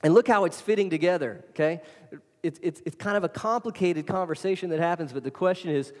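A male pastor delivers a sermon in a loose, conversational way, pressing his points and addressing listeners directly. His voice sits a little high for a man. The sound rings with a long reverb from a large hall. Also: fairly quick, a little mellow. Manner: casual, emphatic preaching with direct address to listeners.

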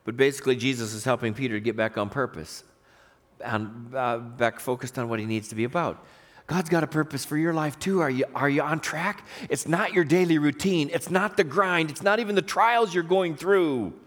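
A man's voice: medium pitch, normal speed. A man pastor preaching a sermon, telling a story with animation and acting out the voices in it.

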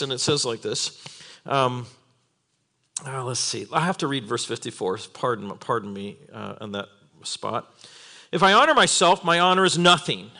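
A man preaching a sermon in a church, animated, with laughing asides and acted-out quotes. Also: medium pitch.

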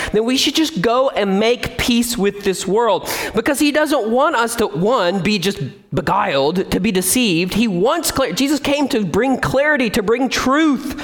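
A man preaching a sermon as pastor, animated and acting out the voices of complaining people. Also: very high-pitched.

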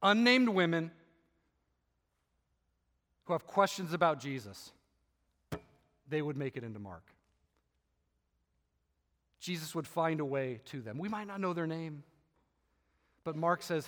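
Impassioned high-voiced male pastor. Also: very animated, unhurried, long pauses, a bit bright, in a large hall. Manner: impassioned, emphatic preaching with repetitions. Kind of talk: sermon.

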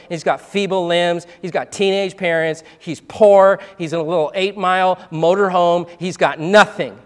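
A man in his thirties preaches a sermon with a high, lively voice, moving easily between teaching and casual asides. He asks his listeners questions and talks to them directly. His voice rings with the long reverb of a large hall. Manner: animated, conversational preaching with asides and rhetorical questions. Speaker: pastor.

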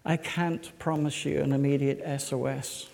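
A man pastor preaching a sermon, slow and emphatic, putting rhetorical questions to his congregation. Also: medium pitch, level tone, gravelly, darkish tone. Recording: echoey hall.

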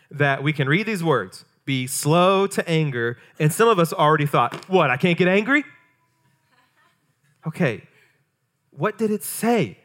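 A man's voice: fairly high pitch, fairly bright tone. A man, a pastor, preaching a sermon in a conversational way, full of rhetorical questions.

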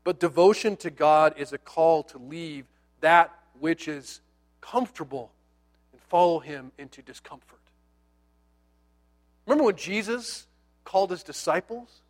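A male pastor preaching a sermon in a conversational, animated storytelling style with playful asides, dropping to a near hush on key words. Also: on the high side, a little slow, pauses often.

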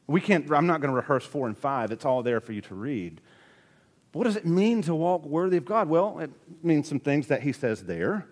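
A male pastor preaching a sermon with earnest emphasis, his voice rising to strong peaks and dropping low. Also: big pitch swings, normal speed. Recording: long reverb of a large hall.

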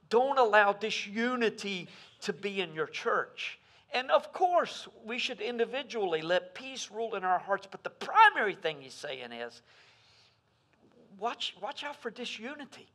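A man preaching a sermon as pastor, swinging between loud emphasis and hushed asides. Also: high voice, animated, moderate pace.

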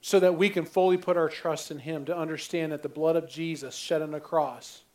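Pastor guy w a preaching, pretty high voice, repeats himself a lot. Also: fairly even intonation, fairly quick, a little mellow. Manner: earnest preaching, repeats phrases, stammered starts. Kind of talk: sermon.

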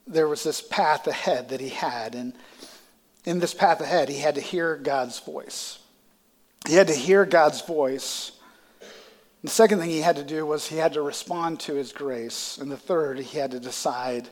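A man's voice: on the high side, long reverb tail. A male pastor delivering a sermon with a congested, stuffy voice, building to impassioned climaxes. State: congested sinuses. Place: church sanctuary.

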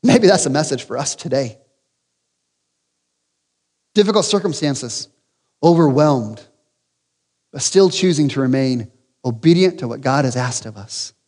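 A man's voice: medium pitch, animated, a little slow, pauses often, long reverb tail. A man preaching a sermon as pastor, emphatic with rhetorical questions and humorous asides. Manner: emphatic, rising to loud peaks with rhetorical questions.

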